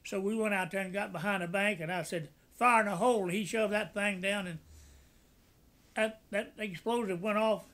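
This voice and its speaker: A man's voice: high voice, steady tone, moderate pace, a bit bright. An older man, a war veteran, telling wartime stories in a folksy way and acting out the voices of the people in them. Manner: folksy, acts out quoted voices, laughs at own jokes. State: tearful at times. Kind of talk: oral history storytelling.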